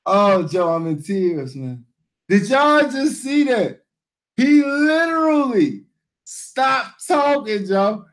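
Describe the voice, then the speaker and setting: High-voiced man howling with laughter. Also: very animated, takes it slowly. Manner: laughing uncontrollably, exclamatory, slangy, repeating himself. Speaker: priest and video reactor. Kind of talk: reaction commentary on a video.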